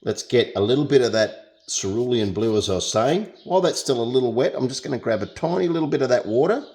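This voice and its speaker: Fast and expressive, with a medium-pitched, slightly mellow voice, a young Australian man leads a painting demonstration. As the tutor, he chats, jokes around and keeps talking the whole time he paints.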